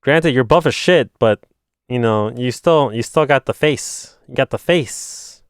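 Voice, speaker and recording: In clean studio sound with a dry recording, a streamer in his twenties talks a little slowly in a smooth voice while putting together a model kit. He swears, narrates stories with animation, and does higher-pitched impressions of his friends.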